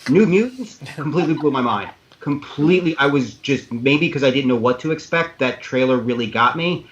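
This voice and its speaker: A man's voice: medium pitch, lively intonation, normal speed, a bit bright, highs cut off, slight background noise. A man in a casual panel chat over a video call, rambling through opinionated takes. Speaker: panel guest.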